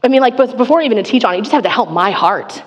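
A woman's voice: on the high side, expressive, racing. Chatty woman preaching in a reverberant hall. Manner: candid and chatty, frequent "like" fillers, self-deprecating asides. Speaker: preacher teaching a Psalm. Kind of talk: conversational sermon. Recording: long reverb of a large hall.

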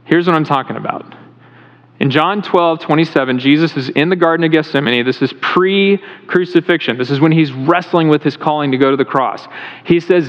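A man's voice: a little high, a little fast. Male pastor preaching in a reverberant hall. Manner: conversational preaching, asks the congregation questions. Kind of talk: sermon. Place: church sanctuary. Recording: reverberant hall, dull lo-fi sound.

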